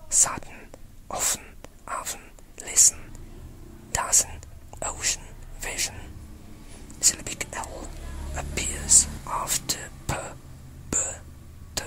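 Slow careful whispered pronunciation teacher. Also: pushed and bright, low-quality recording. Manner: slow, careful enunciation of sounds and word lists.

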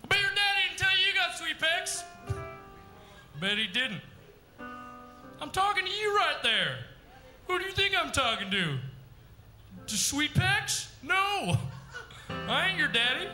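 A man's voice: very high voice, sing-song, measured pace, pauses often, pushed and bright, faint music behind. A man doing live character comedy on a club stage, rambling and blustery like a brash dad working the crowd. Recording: echoey live club room.

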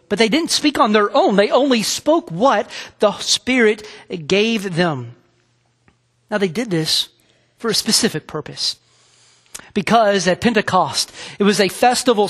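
A man preaching a sermon as pastor, earnest and halting, often restarting his phrases. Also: sits high, fairly bright tone. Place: church sanctuary. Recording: long hall reverb.

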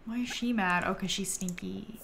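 A young woman streaming a life-simulation game, chatting excitably and talking to her characters. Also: mid-range voice, moderate pace, creaky, slight background noise. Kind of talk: live game commentary.

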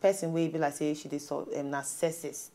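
A woman's voice: deep voice, brisk. Woman talk show host with a Nigerian accent. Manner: animated, laughs often, reads out stories. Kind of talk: casual studio chat in pidgin.

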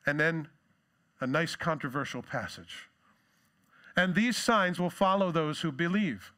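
A man's voice: unhurried, bright, forceful tone. A man preaching a sermon in a conversational way, with jokes and asides, acting out the quoted lines with energy. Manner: acts out quoted lines with rising pitch and force. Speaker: pastor.

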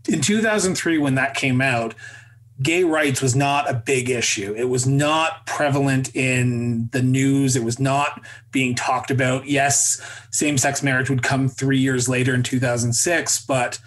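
Male interview host, mid-pitched, halting, sets up questions with dates and facts. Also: fairly even intonation, a bit bright. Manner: halting, stacks up "uh" and restarts before reading out facts.

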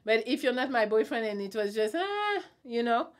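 A little high and sing-song at a normal speed, this young adult woman's voice carries her casual live stream. She reads comments from viewers, responds bluntly and teasingly, and often laughs.

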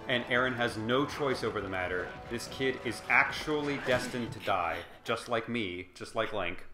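A man riffing as a let's play commentator, his talk meandering and sarcastic before climbing into heated, impassioned argument. His voice rings around a roomy space. Game music plays clearly behind him. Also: medium pitch. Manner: sarcastic, rambling, rising to impassioned. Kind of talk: casual game commentary rant.

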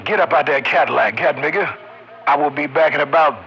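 A man's voice: on the high side, fairly quick, soft background music. A man chatting and joking with fellow truckers over CB radio, teasing them and laughing often. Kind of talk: casual CB radio chat. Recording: muffled CB radio with loud static.

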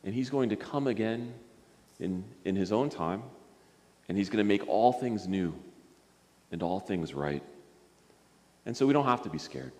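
A man, a pastor, giving a gentle children's sermon, coaxing a puppet and stumbling over restarts as he talks. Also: lowish voice, animated, normal speed, pauses often. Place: church sanctuary. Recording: long church reverb.

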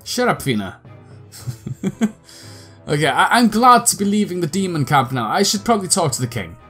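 A man's voice: high-pitched, expressive, fairly quick, fairly bright tone, husky, soft background music. A man with a scratchy throat giving casual, sweary let's-play commentary with laughing asides.

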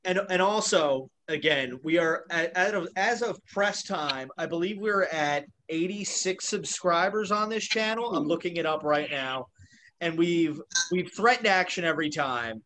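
A man's voice: a little high, unhurried, pushed and bright, a little hiss or hum. A man co-hosting a casual video podcast, joking and teasing his guest, with a self-described nitpicky streak. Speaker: podcast co-host.

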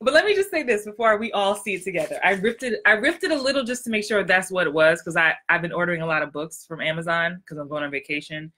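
A woman acting coach talking to viewers in a casual livestream, excitable and upbeat. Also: on the low side, quick pace, hardly any pauses.

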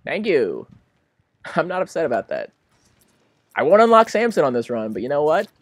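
Young male gamer, animated swooping delivery, dry close mic, over-the-top reactions. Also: fairly high pitch, normal speed, no echo. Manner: excitable, melodramatic, swings between pleading and laughing. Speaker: gaming commentator. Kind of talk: casual let's-play commentary.

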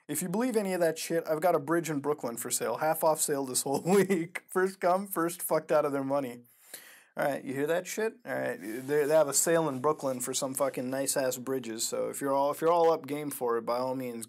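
A man hosting a casual reaction commentary, profane and excitable, swinging from mumbled asides to loud outbursts. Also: medium pitch, normal speed, gravelly. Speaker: host.

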